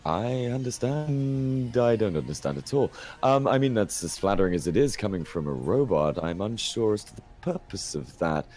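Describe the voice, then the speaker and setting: A man's voice: lowish voice, lively intonation, normal speed, few pauses, a little mellow, close to an everyday voice. A man with a British accent voicing a charming male ship salesman in polite, formal sales patter. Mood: courteous.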